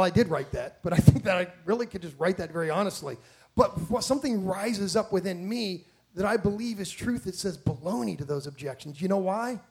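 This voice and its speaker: A man with a noticeably high voice delivers a sermon in a church. He preaches with animated emphasis, circling back through restarts and pressing his listeners with rhetorical questions. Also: slightly rough.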